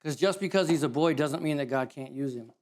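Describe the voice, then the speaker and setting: A man preaching a sermon in a casual, animated storytelling way, correcting himself as he goes. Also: a little high, a little fast. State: emotional.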